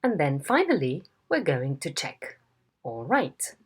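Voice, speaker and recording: A woman teaching a phonetics lesson in a slow, deliberate way, demonstrating tones. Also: low voice, huge pitch swings, breathy edge. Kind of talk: video lesson instruction.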